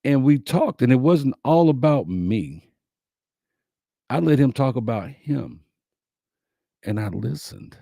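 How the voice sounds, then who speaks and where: A man hosting a talk, speaking slowly and emphatically, repeating his key lines to his listeners. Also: medium pitch, very animated, creaky, mellow, no echo, clean studio sound. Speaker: host. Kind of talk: inspirational talk to a live audience.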